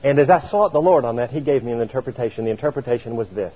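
A man preaching a sermon, telling a story in an animated way and chuckling now and then. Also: mid-range voice, racing, husky. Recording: tinny radio broadcast.

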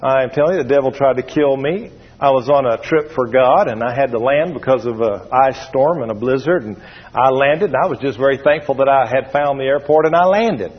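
A man's voice: medium pitch, brisk, breathy edge. Male preacher in a reverberant hall. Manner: emphatic, repetitive preaching with congregation call-and-response. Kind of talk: sermon. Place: church before a congregation. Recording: dull lo-fi sound with long hall reverb.

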